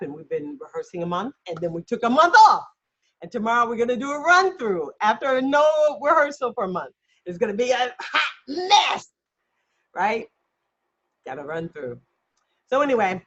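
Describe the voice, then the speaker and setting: A woman's voice: mid-range voice, fairly bright tone. A woman acting coach giving a chatty, self-deprecating mini lesson on a video call, laughing often. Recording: dull lo-fi video call audio.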